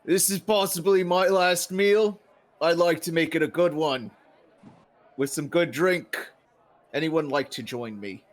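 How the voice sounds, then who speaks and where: A man voicing a boisterous, fatalistic paladin in a tabletop game, with a loud booming delivery. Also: unhurried, close to an everyday voice.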